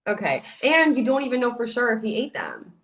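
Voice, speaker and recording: A woman's voice: on the high side, huge pitch swings. A woman hosting a casual interview, asking follow-up questions and reacting briefly. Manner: responsive, quick back-channel remarks.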